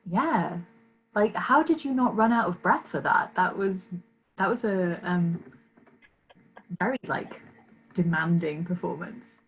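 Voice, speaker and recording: A woman host chats casually and swears freely. She speaks slowly, with a lively, rising and falling voice. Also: on the low side, slightly rough, rough recording. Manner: slow, expressive, swears casually. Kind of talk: casual chat.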